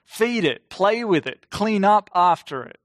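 A man in his forties delivering a sermon in a fairly high voice. He speaks in a measured, emphatic way and slows down to stress key phrases. The recording is dry and close. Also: animated, no echo. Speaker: preacher.

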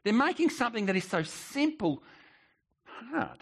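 A man's voice: extremely high pitch, sing-song, unhurried, creaky. A male pastor preaching a sermon, emphatic, with rhetorical questions and repeated words.

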